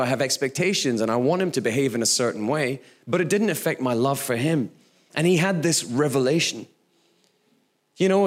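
A man in his thirties, a pastor preaching a sermon in a conversational, storytelling way with occasional laughs. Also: mid-range voice.

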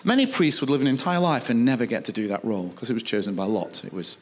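A man preaching a sermon, telling a Bible story with animated delivery and acting out the dialogue. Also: medium pitch, fast talker.

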